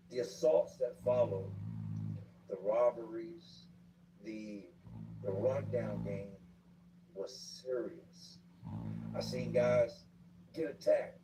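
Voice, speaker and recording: A man telling stories of his time as an inmate in casual street slang, acting out the shouts of other inmates. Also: medium pitch. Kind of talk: casual storytelling. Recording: distant mic with clear background noise.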